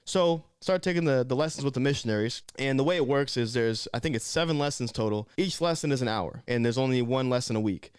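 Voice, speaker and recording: Young male vlogger, quick slangy storytelling, smooth clear voice, dry close sound. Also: medium pitch, dry recording. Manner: slangy, animated, conversational. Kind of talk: casual storytelling.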